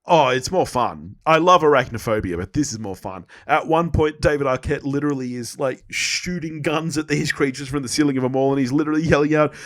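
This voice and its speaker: A man's voice: on the high side, fairly quick, hardly any pauses, no room sound, clean studio sound. A man co-hosting a horror film podcast in casual chat, laughing often and swearing. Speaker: podcast co-host.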